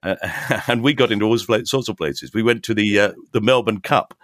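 An older man, a podcast guest, telling animated anecdotes and acting out the voices of people in them. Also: lowish voice, fairly quick, no echo, studio quality. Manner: animated storyteller, acts out quoted voices. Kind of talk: casual anecdotes.

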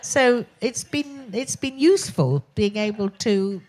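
A woman's voice: on the high side, expressive, slow, a little mellow, a little hiss or hum. Posh-voiced older Englishwoman, blunt and candid. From England. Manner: frank, blunt, swears freely, laughs between phrases. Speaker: guest. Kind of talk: candid talk show chat.

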